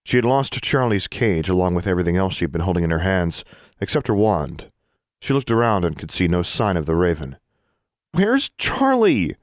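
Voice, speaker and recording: Deep-voiced man reading a story. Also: brisk, no room sound, clean studio sound. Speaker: narrator. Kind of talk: audiobook narration.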